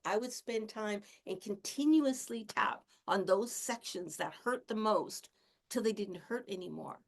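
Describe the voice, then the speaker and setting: A woman healer and teacher giving a casual spiritual talk, speaking candidly about her own experience and laughing softly now and then. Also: mid-range voice, unhurried, gravelly. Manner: candid, self-disclosing, chatty with soft laughs.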